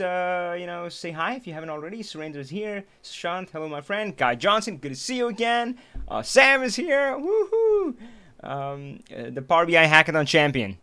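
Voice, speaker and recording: A man hosting a live stream, chatting casually with an animated manner, laughing often and restarting his sentences. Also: a little high. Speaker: livestream host.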